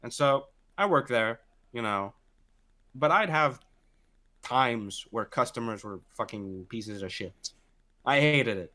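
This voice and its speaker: Man, podcast co-host, casual chat, rambling, swears a lot, lively pitch. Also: slow, long pauses.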